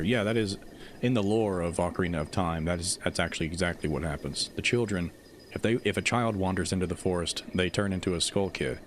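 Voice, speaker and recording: Guy streaming and just rambling, kinda low voice, animated and poking fun at himself, answering chat, slight hiss behind. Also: brisk. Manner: rambling, animated, self-mocking; reads viewer comments aloud and answers them. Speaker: Zelda theory YouTuber streaming. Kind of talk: casual livestream chat.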